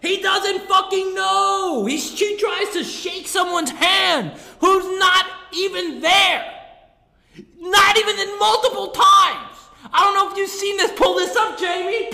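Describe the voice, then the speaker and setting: Dude screaming a sweary comedy rant, really high sharp voice, big echoey room. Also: male voice, creaky. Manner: yelling, swearing, self-mocking. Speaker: comedian ranting to camera. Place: room in the middle of his building, no studio. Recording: echoey room with long reverb.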